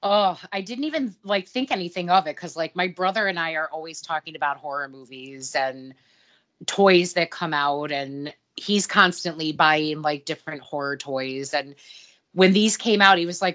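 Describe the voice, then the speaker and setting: A woman with a slightly low voice chats and tells stories casually. The recording sounds a bit muffled. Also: moderate pace, fairly bright tone. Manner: chatty storyteller, playful teasing. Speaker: podcast co-host. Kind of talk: casual chat.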